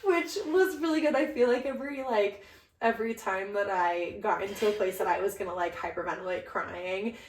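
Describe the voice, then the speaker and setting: A young woman co-hosting a podcast, telling a story in a casual, animated way with lots of laughs. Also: medium pitch, a little fast. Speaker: podcast co-host. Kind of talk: casual chat. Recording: roomy, distant from the mic.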